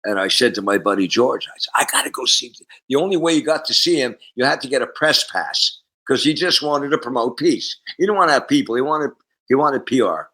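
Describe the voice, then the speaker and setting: A man in his sixties from Canada, a musician guest telling stories in a casual interview, animated and acting out the voices. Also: mid-range voice, fairly quick, low-quality recording.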